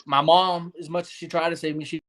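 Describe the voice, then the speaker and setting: A young man recounts his experiences in a loose, earnest interview manner. He rambles and restarts his sentences, filling gaps with "you know", and his voice sits a little high for a man. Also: little pitch movement, fairly quick, fairly bright tone. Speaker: guest. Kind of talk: casual storytelling interview.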